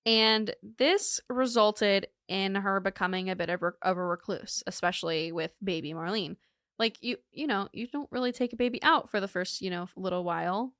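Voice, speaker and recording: A woman's voice: mid-range voice, moderate pace, fairly bright tone, dry recording, clean studio sound. Chatty woman telling a true crime case. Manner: laughs often, chatty and joking. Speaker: podcast co-host telling the case. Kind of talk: casual true crime storytelling.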